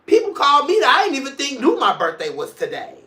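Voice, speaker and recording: A man's voice: very high-pitched, wildly swooping pitch, fast talker, bright, forceful tone, echoey room. A man in his forties hosting a casual video podcast, talking in a sassy, playful and outspoken way. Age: 40s. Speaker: podcast host.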